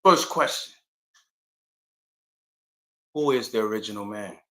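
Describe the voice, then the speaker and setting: A man's voice: on the low side, takes it slowly. A man hosting his own channel, telling history in a casual, slangy storytelling way and acting out quotes. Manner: slangy, animated, acts out quotes. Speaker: channel host. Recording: echoey room.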